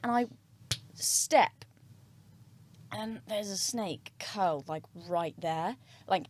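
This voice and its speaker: A woman guest on a podcast who tells stories in a casual, animated way, swearing freely and trailing off mid-sentence. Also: mid-range voice, slow, slight background noise. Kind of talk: casual storytelling.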